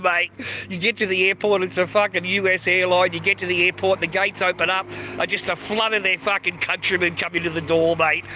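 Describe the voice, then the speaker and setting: A man's voice: sits high, fairly even intonation, a little fast, sharp tone, low-quality recording. An Australian man rambling crudely on a livestream from a train station, swearing constantly and greeting viewers by name. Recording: faint street noise.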